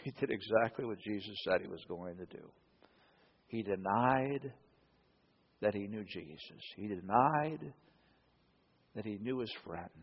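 A man's voice: fairly low pitch, brisk, hardly any pauses, husky, dull audio. A man preaching a sermon as a pastor, telling the story dramatically and acting out the quotes.

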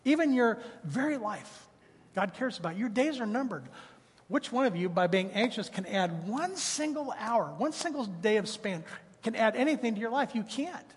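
A man in his fifties delivers a sermon with a high-pitched, husky voice. He moves between scripture and chatty personal stories. His words ring out with the long reverb of a church hall. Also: lively intonation, normal speed. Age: 50s. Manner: conversational preaching mixed with personal stories. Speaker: pastor. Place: church sanctuary.

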